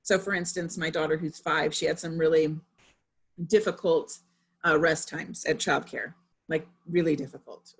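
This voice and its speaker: A woman in her thirties, herself a parent, speaks in a low, steady, slightly breathy voice at normal speed. She gives a casual, conversational presentation to parents, full of fillers and personal anecdotes.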